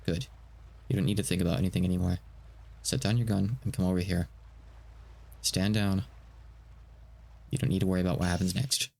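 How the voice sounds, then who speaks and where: A man reading a calm police negotiator. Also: low voice, vocal fry. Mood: commanding. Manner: slow, soothing instructions. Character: calm male police negotiator, steady and coaxing. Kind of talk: live game dialogue translation.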